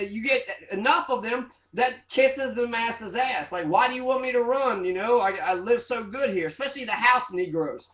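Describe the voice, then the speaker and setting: A man with a fairly high voice talks casually, rambling and sprinkling in fillers and swearing. His voice bounces around an echoey room, and the recording sounds slightly dull and muffled. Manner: loose, profane, rambling with fillers. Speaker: teacher in training. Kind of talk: casual monologue reading quotes.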